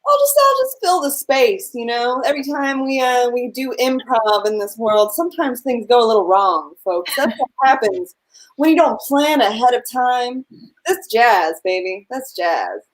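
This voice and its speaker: A woman with a high, sing-song voice hosts a comedy show over a video call. She giggles often and keeps things upbeat, joking to fill the gaps. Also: lively intonation, normal speed, poor audio. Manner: giggly, upbeat, filling time with jokes. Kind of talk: casual hosting on a video call.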